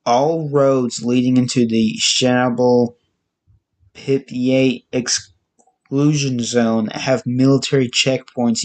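A man giving a casual, halting spoken movie review, listing facts with frequent restarts. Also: medium pitch, a little mellow.

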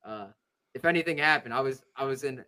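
A man's voice: mid-range voice, a little fast, bright, forceful tone, low-quality recording. A man hosting a sports podcast, telling a story. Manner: rambling storytelling with many fillers. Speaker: podcast host. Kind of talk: casual sports chat.

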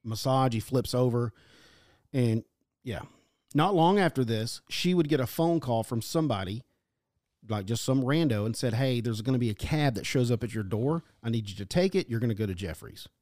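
A man co-hosting a casual podcast, reading notes aloud and telling a story in an animated way. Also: mid-range voice, normal speed, no echo, studio quality. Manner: animated storytelling, puts on quoted voices.

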